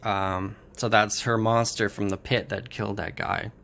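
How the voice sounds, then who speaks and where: A man casually summarizing and reviewing a comic book, talking in a halting way with many pauses and restarts. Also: lowish voice, little pitch movement, gravelly, fairly bright tone.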